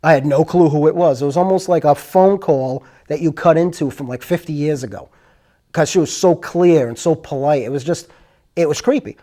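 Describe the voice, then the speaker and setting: A man's voice: fairly high pitch, a little fast, warm tone. A man hosting his own show, telling spooky stories in a rambling, earnest, conversational way. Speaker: host. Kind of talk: casual storytelling.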